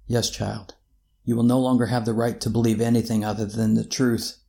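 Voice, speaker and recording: A preacher playing a gentle, fatherly divine master who speaks slowly and softly to his child. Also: on the low side, level tone, gravelly. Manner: gentle, slow and hushed.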